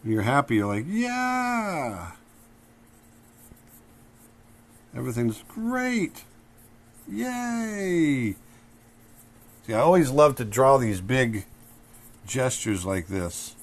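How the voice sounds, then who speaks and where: A middle-aged man leads a drawing tutorial while he sketches, talking in a relaxed, conversational way at a mid pitch. He breaks into short acted-out exclamations to show the emotions he is drawing. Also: moderate pace. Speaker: drawing instructor.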